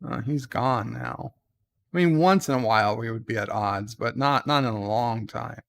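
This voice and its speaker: A man hosting his show in casual chat, reading quiz questions aloud and answering with dry, deadpan humor. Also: moderate pace, vocal fry. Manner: reads questions brightly, answers low and mumbled. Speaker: show host. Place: at home.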